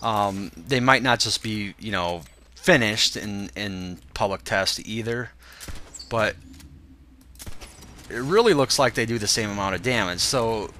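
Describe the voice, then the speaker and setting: Congested man with a bright voice. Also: fairly low pitch, a little slow, a little hiss or hum. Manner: relaxed, thinking aloud with fillers. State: stuffed up, congested. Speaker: gaming video host. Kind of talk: casual gameplay walkthrough commentary.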